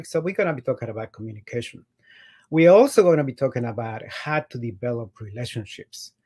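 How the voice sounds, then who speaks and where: A man's voice: medium pitch, darkish tone, husky, poor audio. Emphatic male career coach giving a talk. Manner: storytelling, emphatic repetition. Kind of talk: conference talk with slides.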